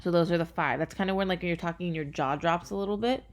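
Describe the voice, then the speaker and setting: A woman teacher with a somewhat low voice talks through a recorded class lesson. Her delivery is casual and halting, full of fillers. She slows right down whenever she counts out syllables.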